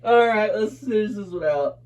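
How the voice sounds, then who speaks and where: A man's voice: sits high, moderate pace, a little mellow. A man doing crude, mocking commentary over a played clip, swearing and laughing often. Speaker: co-host roasting a video.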